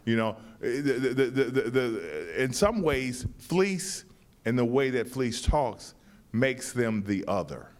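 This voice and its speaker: A man who wrote and staged the play, answering interview questions in a thoughtful, halting way with many restarts. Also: medium pitch, lively intonation. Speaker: playwright and director.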